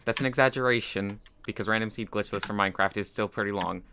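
Speedrunner man, wry running commentary, bright tone, faint keyboard clatter. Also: on the low side, fast, a little hiss or hum. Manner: self-deprecating running commentary. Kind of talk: casual gaming chat.

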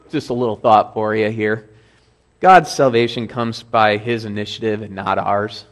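Man preaching a conversational sermon. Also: mid-range voice. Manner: conversational explaining, reads scripture aloud with emphasis. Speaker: pastor. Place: church.

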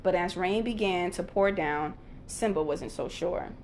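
A woman narrating a children's storybook aloud in an expressive, storytelling way. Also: lowish voice, unhurried, slight background noise.

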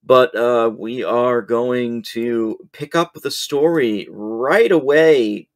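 A man acts as game master for a tabletop game. His voice comes out somewhat soft and scratchy. He speaks in a relaxed, unhurried way, often pausing to gather his thoughts. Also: medium pitch. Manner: laid-back, hesitant with many ums.

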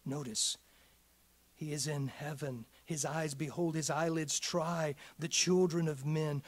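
A man preaching a midweek sermon in a church, swinging from hushed whispers up to shouts. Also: a little high. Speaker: pastor.

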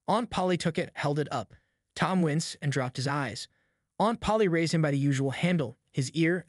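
A man narrates a classic story in a steady, measured reading voice. His pitch sits a little high for a man. The sound is dry and close, with no room around it. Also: dry recording. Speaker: audiobook narrator. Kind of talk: scripted narration.

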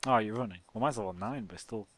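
A man's voice: fairly low pitch, quick pace. Easygoing young man gaming. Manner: easygoing, laughs a lot, swears mildly. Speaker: podcast co-host playing a game. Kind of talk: casual game commentary.

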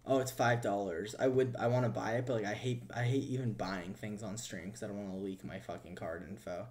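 A young man chatting on a live stream, loud and excitable, swearing a lot and shouting thanks to chat. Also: lowish voice, fairly quick.

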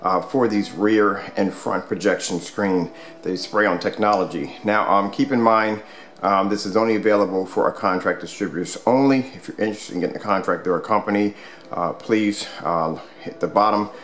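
A man's voice: on the low side, fairly even intonation, moderate pace, a bit bright. A man casually demonstrating a product at home, rambling with many fillers and restarts. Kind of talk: casual product demo vlog. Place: home room with squeaky floors.

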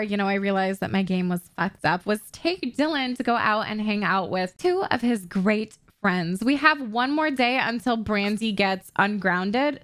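Bright chatty young woman narrating gameplay. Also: on the high side. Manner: chatty, swears often, loud gasps. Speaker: let's play creator. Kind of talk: casual gameplay commentary.

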